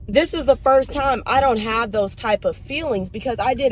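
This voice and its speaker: This young woman's voice sits a little high, moving at normal speed with hardly any pauses. She's vlogging in her car on a drive-thru run, chatting emotionally and animatedly with viewers she calls y'all, over vehicle noise.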